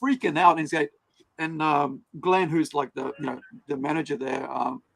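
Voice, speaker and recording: A man's voice: on the high side, moderate pace, gravelly, poor audio. A man, a podcast co-host telling stories in casual chat and acting out what others said. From New Zealand. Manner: animated storyteller, acts out quotes.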